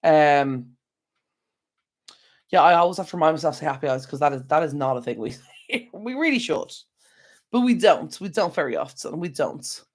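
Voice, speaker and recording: A tired Irish man hosting a live stream from home, his voice sitting a little higher than most men's. He rambles loosely and chats straight to his viewers through a proper microphone, yawning now and then. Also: lively intonation, normal speed, long pauses. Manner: rambling, chatty, talks to viewers directly. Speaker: channel host. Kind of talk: casual live-stream chat. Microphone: external microphone.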